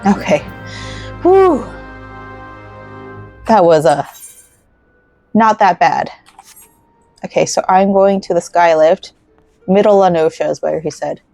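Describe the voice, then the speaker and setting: A woman's voice: on the low side, lively intonation, slow pace, creaky, long pauses, a little mellow, dry recording. A woman hosting a casual let's play, chatting in a rambling way and giggling while she crochets. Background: faint game music.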